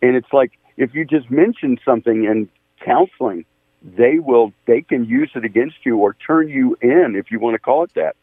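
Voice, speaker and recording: A man's voice: medium pitch, moderate pace, slightly rough, no room sound. An older man calling in to a radio show, indignant and stumbling over his words. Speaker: radio caller. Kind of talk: call-in on the phone. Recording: tinny phone line.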